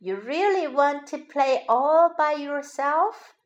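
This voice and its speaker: A woman voicing a gentle, busy mother rabbit in a children's storybook, speaking in a soft, fond, motherly way. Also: sits high, animated, slow, lo-fi sound.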